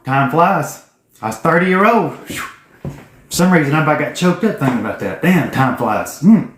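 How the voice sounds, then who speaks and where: A man, telling a folksy, profane story to camera. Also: fairly high pitch. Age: 40s. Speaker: vlogger telling his business story. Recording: echoey room.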